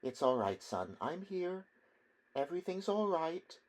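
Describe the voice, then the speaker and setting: A man voicing an elderly mother who soothes her grown son at his bedside, in a soft, hushed, gently reassuring voice. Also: fairly high pitch, sing-song, unhurried, voice pushed up. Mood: soothing.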